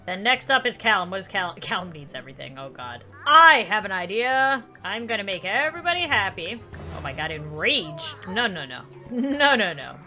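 A woman hosting a let's play, commenting excitably with lots of exclamations and laughter. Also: mid-range voice, moderate pace, faint music behind. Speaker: gaming channel host.

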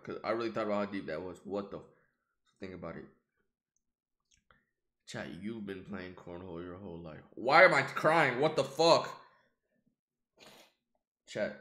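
A young man streaming reaction commentary, profane and excitable, talking straight to his chat. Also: fairly low pitch, moderate pace, long pauses.

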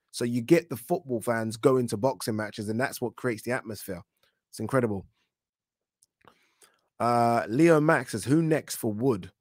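A man hosting a live stream, chatting about boxing and reading out viewer comments, animated and swearing now and then. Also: mid-range voice, no room sound, studio quality. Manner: animated, swears when worked up, many fillers. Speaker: boxing talk show host.

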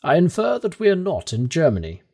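A man's voice: a little high, huge pitch swings, fairly quick, a little mellow, voice pushed up. Man putting on a pompous older professor. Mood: puzzled, questioning. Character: excitable older male professor, proud and pompous.

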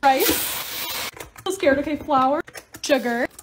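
A woman's voice: high-pitched, background noise. A young woman, a social media creator, narrating her short lifestyle videos in a bubbly, gushing way. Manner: bubbly, gushing, quick voice-over. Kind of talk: casual vlog narration.

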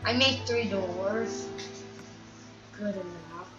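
A woman provides chatty let's-play commentary, grumbling at the game and scolding the on-screen animals. Her voice is medium-pitched and slow. The distant mic sounds dull and echoey, with game music in the background.

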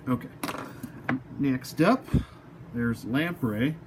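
Guy rambling thru a toy unboxing at home, cracks jokes at himself, talks to the figure, mid pitch, bit of hum in the room. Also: animated, very slow. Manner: rambling, self-mocking, talks to the toys. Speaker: toy collector reviewer. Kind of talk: casual unboxing review.

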